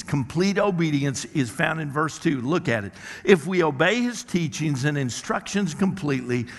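A male pastor delivers a sermon in a church worship center, his voice slightly higher than most men's. He is emphatic and slows down to lean on the words that matter. His voice rings out with a long hall reverb. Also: a bit bright.

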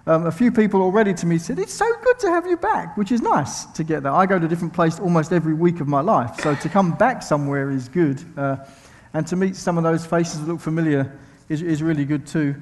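Man, London accent, preacher, fairly high voice, long church-hall reverb. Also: fast talker, a little mellow. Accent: English, London. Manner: chatty, self-mocking, many ums and restarts. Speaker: visiting preacher. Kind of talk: sermon with friendly asides. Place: church sanctuary.

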